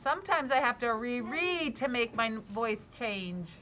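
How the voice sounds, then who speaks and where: A woman teacher in her thirties, reading aloud to children in an animated, encouraging way. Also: a little high, moderate pace, a little hiss or hum.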